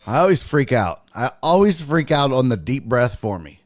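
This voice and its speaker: A man hosting a casual podcast livestream, telling stories in an animated, profane way and acting out sighs and panic. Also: medium pitch, moderate pace, no echo, clean studio sound. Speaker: podcast host.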